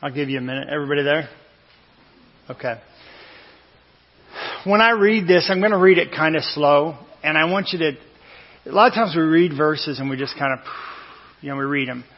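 A man delivers a casual, meandering sermon, correcting himself and chatting to his listeners between thoughts. His voice sits slightly high for a man. It rings through a reverberant church hall, and the recording is muffled and lo-fi. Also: normal speed, long pauses. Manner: conversational and rambling, with self-corrections and asides. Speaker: lay preacher. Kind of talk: informal sermon. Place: church sanctuary. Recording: echoey church hall, dull lo-fi sound.

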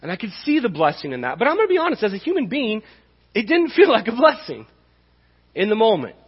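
A man's voice: high voice, wildly swooping pitch, quick pace, slightly rough. A man preaching a sermon as pastor, impassioned and conversational, with emphatic peaks. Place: church sanctuary. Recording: dull reverberant church hall.

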